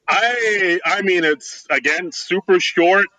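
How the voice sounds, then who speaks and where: Male podcast co-host, a bit higher voice, bright, dry close sound, rambling and hesitant. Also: takes it slowly, no echo, poor audio. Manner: loose, hesitant, lots of "like" and laughs. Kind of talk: casual chat.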